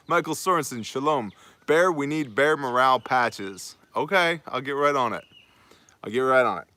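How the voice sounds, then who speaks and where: A man's voice: medium pitch, sharp tone. A man hosting a casual outdoor livestream on a homestead, joking and upbeat as he greets viewers by name. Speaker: host of a live prepper show.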